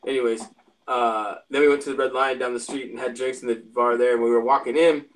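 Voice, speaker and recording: A man spins a long, rambling, profanity-laced story in casual talk. His voice sits at an ordinary middle pitch. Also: brisk. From Spokane, Washington area. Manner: rambling, profane, animated retelling. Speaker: musician telling stories.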